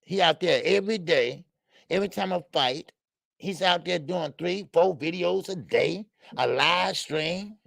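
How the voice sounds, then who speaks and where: Gravelly, profane man ranting on a livestream. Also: sits high, unhurried, a bit bright, no room sound. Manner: blunt, profane, repetitive, heated. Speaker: boxing livestream host. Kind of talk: heated livestream rant.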